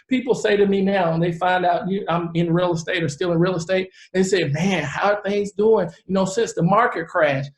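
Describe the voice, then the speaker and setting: A man in his forties, a real estate investor, giving a live presentation and telling stories in an earnest, animated way. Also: high-pitched. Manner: earnest, animated storyteller who acts out the people he quotes. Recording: roomy echo.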